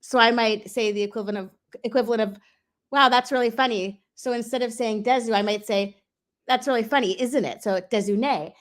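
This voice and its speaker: Chatty, animated woman guest. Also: fairly high pitch, brisk. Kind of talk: casual interview chat.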